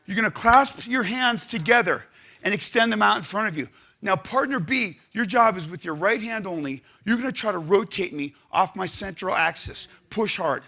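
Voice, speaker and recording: A man leading a live audience through stretching and partner exercises, coaching energetically and counting out loud. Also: sits high, creaky. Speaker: exercise instructor. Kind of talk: live workshop exercise instruction. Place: conference room with audience.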